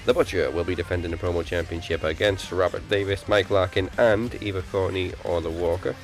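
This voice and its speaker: Casting: low-voiced male host, flat robotic promo read, faint music under it. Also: fairly quick. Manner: reads announcements in a flat, robotic way. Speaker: podcast host. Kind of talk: casual podcast chat and show promos.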